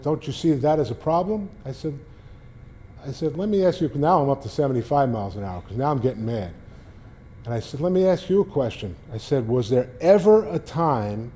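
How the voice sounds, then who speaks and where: A middle-aged man from New York, a sportswriter, telling animated stories and jumping up in pitch when he quotes people. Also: slight background noise. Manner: animated storyteller, raises pitch for quoted lines. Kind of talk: storytelling talk.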